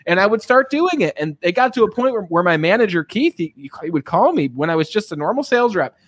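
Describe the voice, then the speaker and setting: A man hosting an interview, telling stories in a casual, animated way and often checking in with his guest. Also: high voice, fast talker, slightly rough, no echo, studio quality. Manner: animated storyteller, frequent tag questions. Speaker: podcast host.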